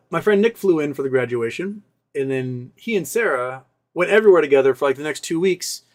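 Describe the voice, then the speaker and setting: A male host rambling through a personal story in casual talk, often acting out what other people said. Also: medium pitch. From Seattle area. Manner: rambling, animated retelling with quoted voices.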